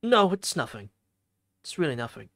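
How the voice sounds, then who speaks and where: A confused and irritable young student blurts out his lines in agitation, as a streamer reads his part. The voice stays at a middle pitch and is recorded dry, with no room sound. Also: very animated, moderate pace, no room sound. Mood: bewildered.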